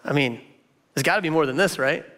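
A man's voice: on the high side, brisk, fairly bright tone, lightly acted. A man doing a famous athlete who sounds laid-back and unsatisfied, in a reverberant hall. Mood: musing.

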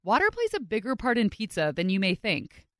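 Woman host, chatty narration, lively pitch, dry close recording. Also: brisk, dry recording. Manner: chatty, expressive. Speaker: podcast host. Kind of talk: scripted narration.

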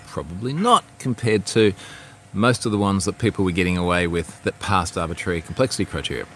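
Low-voiced man chatting on a livestream. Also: quick pace, a little hiss or hum. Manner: rambling, restarts mid-sentence, reads viewer comments aloud. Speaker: livestream host. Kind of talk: casual livestream chat. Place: outdoors at home with a view.

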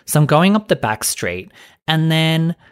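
A man's voice: fairly high pitch, big pitch swings, unhurried, clear, resonant tone. A young man hosting a podcast, telling a story as a casual rant, chatty and exasperated, full of fillers and swearing. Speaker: podcast host.

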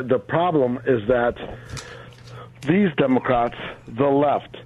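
Man, fervent, emphatic, rally-style, tinny phone line, fairly high voice. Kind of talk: heated political talk.

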